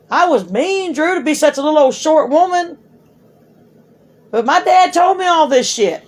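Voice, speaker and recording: A middle-aged woman talks to her grown son, spinning long stories in a blunt, animated way. She swears freely and talks to him straight. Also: high-pitched, normal speed. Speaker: mother talking to her son. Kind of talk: casual storytelling.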